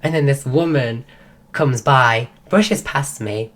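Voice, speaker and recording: A woman's voice: extremely low pitch, slow. A woman streaming, telling a rambling story in casual chat while losing her voice. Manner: rambling, full of restarts.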